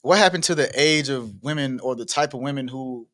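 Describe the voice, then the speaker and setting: A man's voice: mid-range voice, brisk, no echo, clean studio sound. Laid-back man reading texts aloud. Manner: animated, laughs often, acts out the text messages. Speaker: co-host. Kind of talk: casual podcast chat, reading messages aloud.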